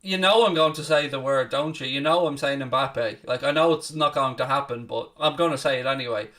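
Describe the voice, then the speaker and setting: A man hosting a live football watchalong, commentating casually, swearing a little, mocking himself, and shouting out loud at big chances. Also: mid-range voice, fairly quick, far from the mic. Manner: self-deprecating, swears casually. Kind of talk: live match commentary and chat with viewers.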